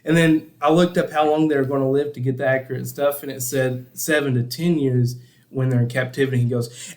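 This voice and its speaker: A man's voice: a little high, moderate pace. A young man casually telling a story on a podcast, laughing a lot and acting out other people's lines. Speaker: podcast co-host.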